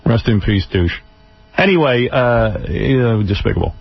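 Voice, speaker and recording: A man's voice: medium pitch, animated, normal speed, vocal fry, husky. A man hosting a radio talk show who teases his guests in a sardonic way. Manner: teasing, sardonic. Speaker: radio host. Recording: dull lo-fi radio recording with faint music.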